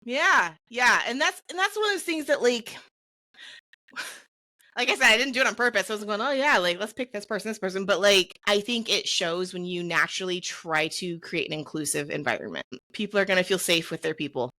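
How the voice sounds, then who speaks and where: A woman's voice: medium pitch, lively intonation, brisk, bright, forceful tone, dry recording. A woman co-hosting a casual live-streamed podcast, chatty and enthusiastic, with lots of "like" fillers; English is not her first language. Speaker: podcast co-host.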